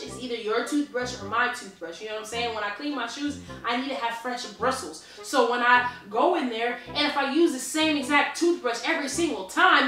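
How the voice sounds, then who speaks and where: A woman's voice: high voice, bright, forceful tone, distant mic. A woman vlogger joking with her best friend, teasing and acting mock-offended while laughing her way through. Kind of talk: playful prank banter. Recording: echoey room, voice off-mic.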